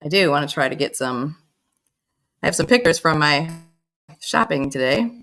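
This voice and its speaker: A middle-aged woman hosting a casual livestream, chatty and warm with her viewers, greeting them by name and laughing often. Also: low voice, animated, normal speed. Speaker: livestream host.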